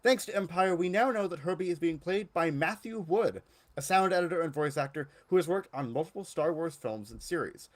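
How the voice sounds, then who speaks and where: A man co-hosting a casual podcast, making puns and chuckling, often trailing off quietly, then reading news aloud. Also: on the high side, brisk. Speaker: podcast co-host.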